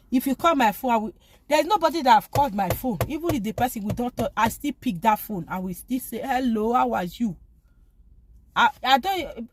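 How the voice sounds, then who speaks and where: A woman giving an informal spoken talk urging forgiveness, pleading and emphatic, often repeating phrases. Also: fairly high pitch. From lives abroad, from back home elsewhere. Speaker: faith vlogger.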